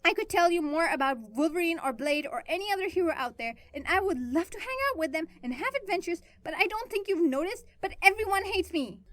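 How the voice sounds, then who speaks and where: A woman's voice: brisk, few pauses, a bit bright. A woman reading fan fiction aloud, voicing a bitter, brash young female antihero who snaps and rants. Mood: angry ranting. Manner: shrill, ranting and snappish.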